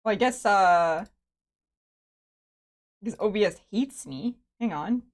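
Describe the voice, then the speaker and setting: A woman's voice: medium pitch, expressive, slow pace. A woman streaming a story game from her home computer, chatting casually, laughing often and swearing freely. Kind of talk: casual live-stream commentary.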